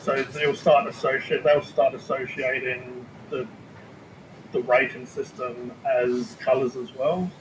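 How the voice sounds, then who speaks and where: Man, casual live chat, flat level delivery, swears easily, roomy room with faint hum. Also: medium pitch, measured pace. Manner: rambling, restarts often, swears casually. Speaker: food review video maker. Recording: roomy space with faint ambient noise.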